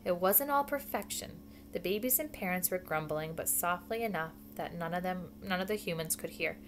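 A woman's voice: on the low side, brisk. Woman reading a children's book aloud. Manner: casual asides between reading. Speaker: reader.

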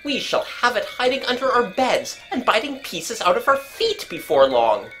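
A woman voicing an agitated middle-aged country gentleman who fumes and exclaims indignantly. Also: a little high, big pitch swings, moderate pace, soft background music, pitched above the performer's own voice. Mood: fuming. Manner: indignant, fuming.

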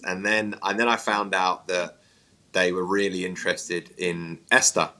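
English man, 30s, low bright voice, rambling chatty interview guest. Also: little pitch movement, measured pace, rough recording. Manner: rambling, self-mocking, teasing. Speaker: actor guest. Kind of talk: casual interview chat.

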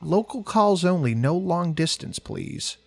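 A man voicing a tiny, stern old woman with a dry, croaking monotone. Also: on the low side, measured pace, dry recording, voice pushed up, full character voice. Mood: stiff, formal. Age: older.

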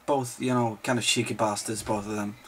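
A tired man who skipped sleep answers viewer questions as a video host, swearing liberally, rambling and joking through the casual talk. He speaks fairly quickly in a lowish voice with little pitch movement, and there's a little hiss or hum.

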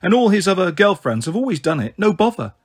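A man's voice: sits high, big pitch swings, quick pace, husky, pitched above the performer's own voice, exaggerated voice. A man reading aloud and voicing an upset thirteen-year-old girl who talks hesitantly and tearfully. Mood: troubled. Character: upset teenage girl, anxious and pressured.

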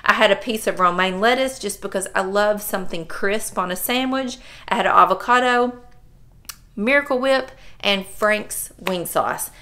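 Lady in her 50s chatting to her camera, bright voice, laughs a lot. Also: medium pitch, moderate pace. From Southern United States. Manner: chatty and animated, laughs often, folksy phrasing. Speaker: vlogger. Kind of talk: casual chat to camera.

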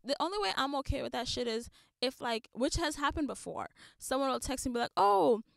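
A woman's voice: sits high, fast talker, creaky, a bit bright, no room sound, studio quality. Blunt, profane young woman ranting. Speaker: podcast host. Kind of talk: casual monologue.

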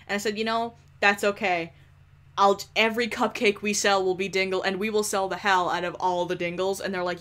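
A young woman giving casual, animated commentary over a life-simulation game, swearing often and scolding the characters. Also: medium pitch, a little fast. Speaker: gameplay commentator.

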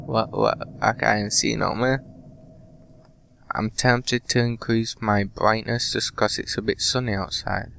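A man's voice: fairly low pitch, little pitch movement, unhurried, gravelly, fairly bright tone, slight background noise. A man commenting casually on a horror game, nervous and muttering, swearing when startled, his voice strained. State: sweating, voice strained. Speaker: gaming commentator.

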